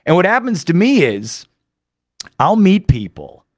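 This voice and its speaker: An American man, a sports radio host, talking fast and eagerly in a studio monologue. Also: sits high, wildly swooping pitch, a little mellow, no echo. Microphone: studio microphone.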